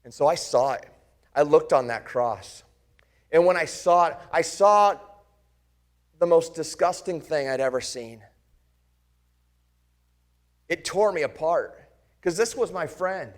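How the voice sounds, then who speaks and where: A man's voice: on the high side, animated, a little slow, pauses often. A man playing the disciple Thomas speaks in his own slightly raised voice, earnest and impassioned. He tells it in first person as a dramatic sermon monologue. He searches and presses his listeners with direct questions. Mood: reflective. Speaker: pastor.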